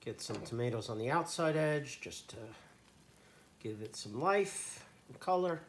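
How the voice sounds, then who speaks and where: Gravelly man cooking in a jokey Italian accent. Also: medium pitch, expressive, unhurried, slight background noise. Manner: talking to camera while cooking. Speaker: home cook. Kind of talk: casual cooking demo. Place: home kitchen at the stove.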